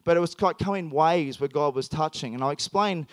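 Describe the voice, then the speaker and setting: Lively Australian preacher, high smooth voice. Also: male voice, a little fast, no echo. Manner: animated, emphatic, with many restarts. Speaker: pastor. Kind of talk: sermon with personal storytelling.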